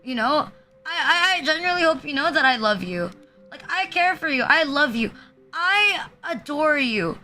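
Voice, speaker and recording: A woman's voice: high-pitched, animated, normal speed, pushed and bright, soft background music. A young woman streaming from home, chatting casually in a crude, rambling way full of fillers, often laughing. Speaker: VTuber streamer. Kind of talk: casual live-stream chat.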